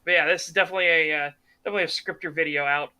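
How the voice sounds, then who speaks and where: A man hosting a podcast, talking games in a casual, animated and opinionated way, swearing freely. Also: fairly high pitch, rapid-fire, clean tone. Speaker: podcast host. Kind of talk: casual gaming commentary chat.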